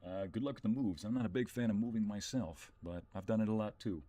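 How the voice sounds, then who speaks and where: A young man with a low, husky voice streams a game. He chats easily with his viewers and talks himself through each step as he plays. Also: quick pace, dark tone. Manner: chatty, greets viewers by name, thinks aloud. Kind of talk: casual let's-play commentary.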